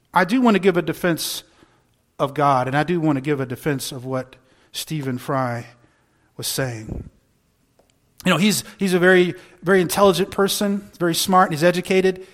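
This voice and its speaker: A man preaching a sermon, earnest and searching, asking one rhetorical question after another and restarting words as he thinks aloud. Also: fairly high pitch. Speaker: pastor.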